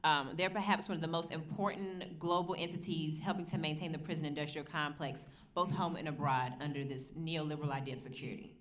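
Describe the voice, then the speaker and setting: A woman's voice: low voice, steady tone, fast talker, few pauses, a bit bright, recorded from a distance. A woman speaking on a panel to an audience, earnest and emphatic, asking rhetorical questions. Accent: Southern American, put on only at moments. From United States. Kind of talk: public talk to an audience. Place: lecture room at a university. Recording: roomy hall with faint ambient noise.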